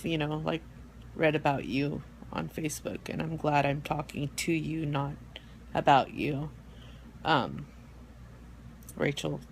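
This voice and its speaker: A woman hosting an online support group on a live stream, talking in a rambling, halting way with many fillers and restarts, soft and heartfelt. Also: sits low, creaky, slight background noise. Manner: soft and heartfelt, near tears at times. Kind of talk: casual live-stream talk. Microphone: phone or webcam for a live stream.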